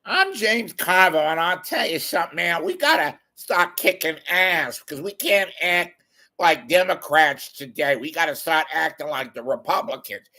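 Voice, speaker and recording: A man puts on a fiery, brash older pundit, talking higher and louder than his own voice. He rants in blunt, pushy bursts with a gravelly edge. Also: lively intonation, moderate pace, heavily acted.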